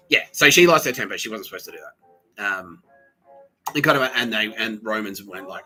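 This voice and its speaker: A man hosts a podcast in a rambling, swearing comedic monologue, stumbling through restarts and fillers. His voice sits a bit low but sounds bright and forward, with faint music underneath. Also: fairly quick, low-quality recording. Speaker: podcast host.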